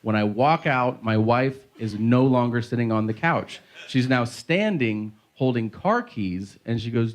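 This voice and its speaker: A middle-aged male stand-up comedian telling stories loudly on stage, acting out both sides of the talk. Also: medium pitch, normal speed, hardly any pauses. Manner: loud, animated storytelling with voiced quotes. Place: comedy stage before a laughing audience. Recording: live show with crowd laughter.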